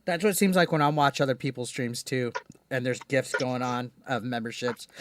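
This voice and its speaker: A man's voice: mid-range voice, steady tone, normal speed, a little hiss or hum. A man hosting a live call-in stream, talking casually with frequent restarts and swearing. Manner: rambling, profane, many restarts. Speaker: streamer host.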